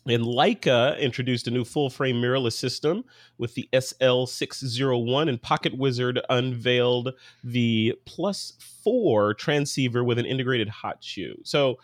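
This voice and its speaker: A man's voice: mid-range voice, dry recording, clean studio sound. A man hosting a photography podcast in a casual, joking, chatty way. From California. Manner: chatty, joking, fast asides. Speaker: podcast host. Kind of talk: casual chat.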